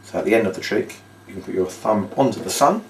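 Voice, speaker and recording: Low-voiced man demonstrating a trick in an echoey room. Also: animated, fast talker, background noise. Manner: explains step by step, acts out the patter in a bigger voice. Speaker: magic and puppet show instructor. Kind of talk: training demonstration. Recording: roomy echo, mic set far off.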